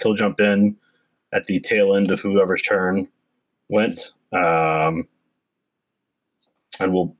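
A man with a fairly low voice runs a tabletop role-playing game as its game master. He recaps the story casually, pausing often on fillers. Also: dry recording, low-quality recording. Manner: casual, hesitant with many fillers.

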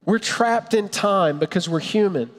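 Male pastor, sermon, earnest, reflective, high voice, long reverb. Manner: earnest and reflective, with a storyteller's pauses.

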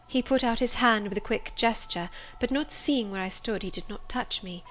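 A woman narrating a story in a measured, expressive reading style. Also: fairly high pitch, a little hiss or hum. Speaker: audiobook reader. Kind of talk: scripted narration.

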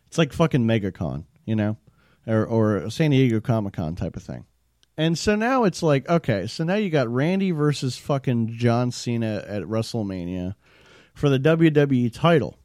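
A man's voice: medium pitch, very animated, normal speed, a little mellow, no room sound, clean studio sound. A young man ranting casually as a show host, rambling, profane and exasperated. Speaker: show host reviewing wrestling. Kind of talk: casual rant.

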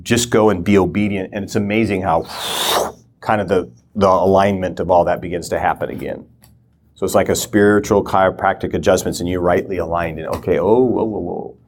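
A man's voice: low-pitched, fairly even intonation, brisk, a little mellow. A man giving a conversational teaching talk, often acting out short prayers and inner thoughts. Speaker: guest teacher.

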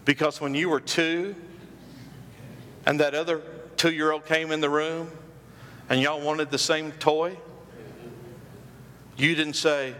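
A man preaches in a church, his voice pitched high and ringing bright. He repeats phrases for emphasis and throws questions out to the congregation. A long reverb trails every line through the hall. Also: level tone, takes it slowly, long pauses, slight background noise. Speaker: pastor. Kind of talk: sermon. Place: church sanctuary.

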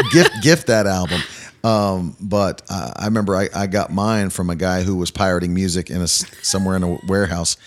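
A man's voice: low voice, a little fast. A man hosting a podcast in a studio, talking in an upbeat, chatty way with a guest. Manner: upbeat, energetic, chatty with fillers. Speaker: podcast host. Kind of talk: casual interview chat. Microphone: studio mic.

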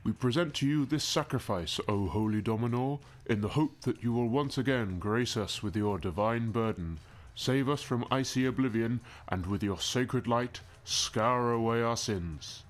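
A man's voice: mid-range voice, moderate pace, voice pushed down, natural voice. A man voicing a smug, cruel male sun-cult priest who preaches in a sanctimonious, mocking sermon cadence during a tabletop game. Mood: solemn mocking. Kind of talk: acted tabletop game narration.

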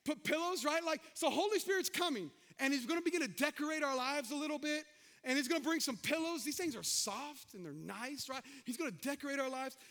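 A man preaching a sermon, animated, calling out to the congregation and slipping into folksy, joking asides. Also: very high-pitched, brisk. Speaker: pastor.

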